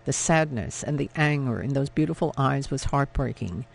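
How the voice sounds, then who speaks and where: A man narrating a historical novel in a measured, dramatic reading style. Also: mid-range voice, expressive, vocal fry. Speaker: audiobook narrator. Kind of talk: scripted narration.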